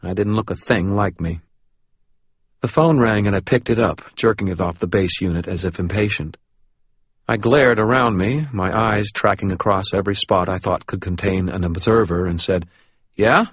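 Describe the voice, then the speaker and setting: A man's voice: low voice, moderate pace, husky, no room sound, muffled recording. A man narrating a first-person audiobook with a wry, hard-boiled delivery.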